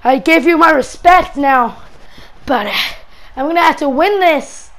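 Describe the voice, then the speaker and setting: Smug taunting male wrestling champion, put on by a woman, lower and quieter, video game wrestling. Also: measured pace.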